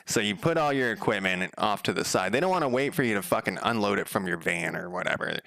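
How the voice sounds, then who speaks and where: A man's voice: lively intonation, quick pace, vocal fry, no room sound. A man streaming his game coding, chatting casually and swearing freely as he rambles through a story. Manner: loose, profane storytelling with frequent fillers; gets louder and higher when quoting others. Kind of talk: casual rambling livestream chat.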